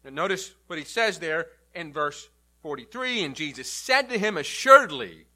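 Man, pastor, sermon, bright tone, somewhat high pitch, emphatic swells and hushed drops. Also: very animated, moderate pace. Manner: emphatic preaching, swells loud then drops low.

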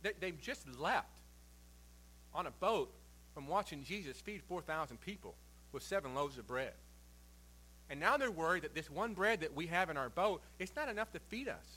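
A male pastor preaching a sermon, reading scripture aloud and then explaining it with swings between quiet and forceful emphasis. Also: fairly high pitch, expressive, moderate pace, a little hiss or hum, rough recording. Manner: reads scripture then preaches with shifting loud and soft emphasis.

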